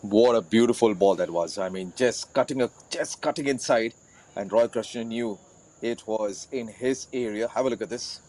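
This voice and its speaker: Low-voiced male co-commentator. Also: moderate pace, a little mellow. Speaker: football co-commentator. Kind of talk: live football commentary.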